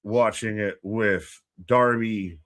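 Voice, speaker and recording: A sarcastic man co-hosting a loose chat show, talking at an unhurried pace. His voice is recorded dry and close, with no room echo. He cuts in with profane, mocking remarks. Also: lowish voice, fairly even intonation, a bit bright. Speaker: co-host. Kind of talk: casual podcast chat.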